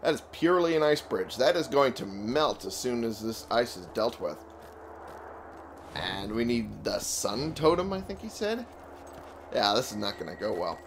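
A man's voice: medium pitch, big pitch swings, normal speed. A man giving casual, grumbling gameplay commentary, sleepy and yawning now and then, swearing at the game. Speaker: let's play gamer. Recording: clear background noise.

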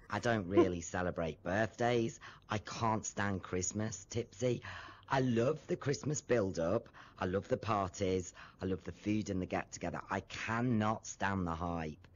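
A man's voice: low voice, normal speed, dull audio, a little hiss or hum. A British man chatting frankly and casually as an interview guest over an online call. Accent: British English. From Britain. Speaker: interview guest, content creator.

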